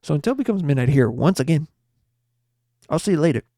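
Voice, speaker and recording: A man voicing a loud, theatrical, hammy Italian-accented character for a sign-off. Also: a little high, big pitch swings, quick pace, no echo, clean studio sound. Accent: put-on Italian. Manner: loud, theatrical, repeating himself.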